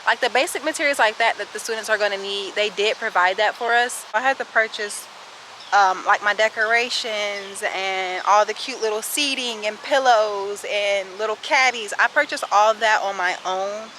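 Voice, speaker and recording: This woman in her twenties teaches kindergarten and vlogs, answering viewer questions as she walks outside holding the camera and catches her breath. She speaks at normal speed with a medium pitch and a sharp tone, chatty and sassy, tossing out "sis" and "y'all," over slight background noise.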